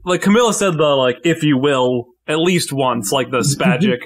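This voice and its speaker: Male player, a bit high, jokey and animated, lots of fillers. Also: moderate pace. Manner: joking, animated, with many fillers. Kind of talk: casual podcast chat.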